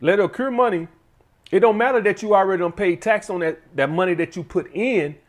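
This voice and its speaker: A man's voice: sits high, quick pace. A man hosting his own channel, giving blunt, profane money advice in a casual monologue and often turning to the audience as "guys.".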